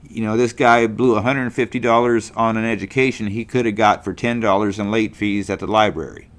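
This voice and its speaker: A middle-aged man from California talks through a casual, unscripted monologue as the host of his own show. His voice sits on the low side, and he rambles in a folksy way, piling up fillers and restarting his sentences. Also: steady tone, a little fast. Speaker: podcast host.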